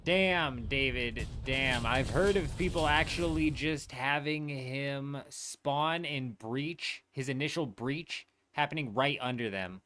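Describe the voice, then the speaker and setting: A man's voice: medium pitch, slow pace, hardly any pauses, a bit bright, slight background noise. A man streaming a game live, chatting casually and rambling with his viewers, dropping swear words as he goes. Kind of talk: casual livestream chat while gaming.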